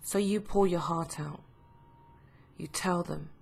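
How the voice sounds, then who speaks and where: Lady doing a tarot reading, slow and husky, lowish voice, draws it out like a story. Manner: slow, emotive storytelling with frequent pauses. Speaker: tarot reader. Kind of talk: tarot reading told as a second-person story.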